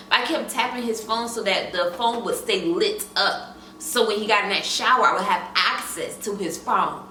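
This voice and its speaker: A young woman vlogging, telling a casual storytime in an animated way with asides straight to her viewers, in an echoey room away from the mic. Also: mid-range voice. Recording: echoey room, mic at a distance, faint room noise.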